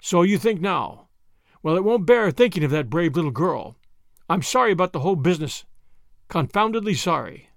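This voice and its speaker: A man reading an audiobook, voicing a grave, kindly older official who speaks in a measured way. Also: high voice, animated, dry recording, clean studio sound. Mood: sympathetic.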